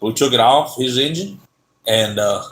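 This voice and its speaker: A man's voice: mid-range voice, normal speed, fairly bright tone. A man with a Southern US accent hosting a casual car livestream, rambling and trailing off mid-sentence. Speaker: car channel livestream host. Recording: echoey room.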